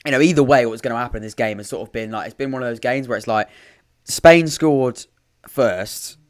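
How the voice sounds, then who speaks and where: Fairly quick and pitched in the middle, the man's voice carries a casual live football watchalong he hosts as a podcaster. The chat meanders, he keeps interrupting and restarting himself, and dry sarcastic asides pop up throughout.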